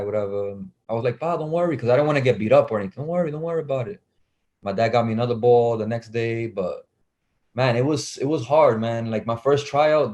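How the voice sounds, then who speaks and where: A man's voice: medium pitch, darkish tone. A young man, a basketball player telling stories as an interview guest, acting out the voices he quotes and laughing often. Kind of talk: casual storytelling.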